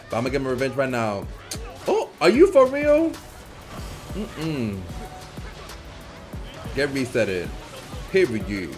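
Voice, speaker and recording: Animated man trash-talking over gameplay. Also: a little high. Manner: animated, playful trash talk with frequent laughter. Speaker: gaming channel host. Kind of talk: live gameplay commentary.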